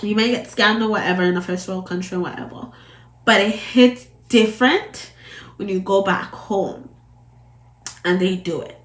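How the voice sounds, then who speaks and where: A Jamaican woman chatting to camera in a casual commentary vlog. She rambles and circles back over her points at a middle pitch. Her voice bounces around a roomy space. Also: moderate pace. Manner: chatty, rambling, repeats herself. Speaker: vlogger. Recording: roomy echo.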